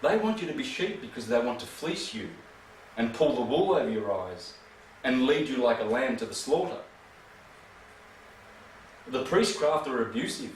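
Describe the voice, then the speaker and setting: A man's voice: mid-range voice, expressive, moderate pace, long pauses. A man giving a rambling, emphatic lecture full of rhetorical questions. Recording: echoey room from far off, faint noise.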